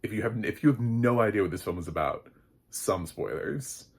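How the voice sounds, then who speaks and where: Man, deep voice, husky, casual film review, chatty and rambling. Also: animated, normal speed. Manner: rambling and chatty, with many fillers and light laughs. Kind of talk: casual spoken movie review.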